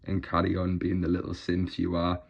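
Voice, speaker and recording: A man's voice: sits low, monotone, a little fast, vocal fry, dull audio. A man on a YouTube channel delivering a mocking, boastful rant straight to his rivals. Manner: taunting, boastful, scornful.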